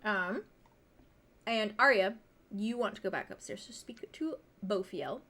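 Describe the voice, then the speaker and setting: Woman game master, casual chatty narrator, average pitch. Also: lively intonation, measured pace, fairly bright tone. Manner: chatty, laughs often, loose filler-heavy narration.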